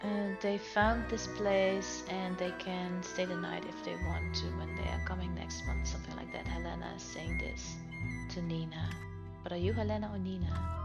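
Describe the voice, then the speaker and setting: A woman's voice: on the low side, fairly even intonation, moderate pace, gravelly. A woman doing casual let's-play commentary, reading game text aloud and chatting about it, with a slightly sore throat. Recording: muffled, loud game music behind.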